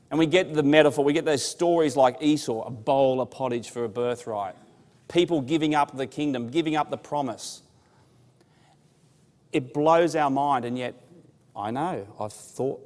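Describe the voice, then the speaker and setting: Man, bible class speaker, conversational storytelling, questions to audience, medium pitch, long hall reverb. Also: normal speed, darkish tone. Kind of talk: informal bible class talk.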